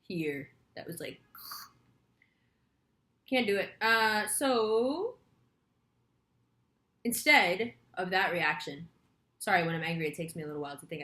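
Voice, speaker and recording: A woman's voice: low voice, sharp tone. Chatty woman in an echoey room. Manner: chatty, rambling, swears freely. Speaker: astrology reader. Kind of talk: casual storytelling monologue.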